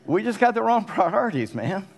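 A man's voice: high-pitched, sing-song, moderate pace, creaky. A middle-aged man preaching a conversational sermon as pastor, often putting questions to the congregation. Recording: long reverb of a church hall.

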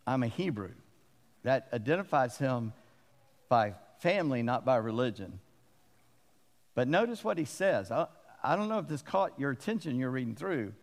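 A man's voice: medium pitch, very animated, moderate pace, big-room sound. A man preaching a sermon as a pastor, folksy and self-deprecating, telling stories between verses.

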